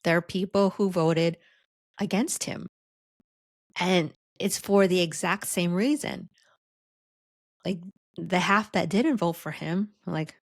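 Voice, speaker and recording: A woman hosts a podcast and teaches leadership in an easy, chatty way, often tossing in "right?" and "like". Her voice sits low and she takes her time with each phrase. The recording is close and dry. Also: slow, long pauses, dry recording. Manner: conversational, frequent "right?" and "like". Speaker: leadership coach and podcast host.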